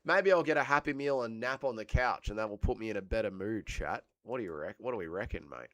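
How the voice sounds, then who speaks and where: A man's voice: on the low side, lively intonation, fast, a bit bright, dry recording. An Australian man with a cold hosting a livestream, chatting casually with his viewers, rambling and swearing a lot. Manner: crude, swearing, rambling banter. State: has a cold. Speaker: livestream host. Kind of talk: casual chat reading live chat.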